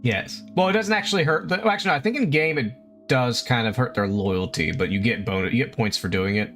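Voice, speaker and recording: A male streamer rambles casually to his chat while working on pixel art, laughing often and swearing freely. His voice sits at a middle pitch. Faint music plays behind him. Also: fast, a bit bright.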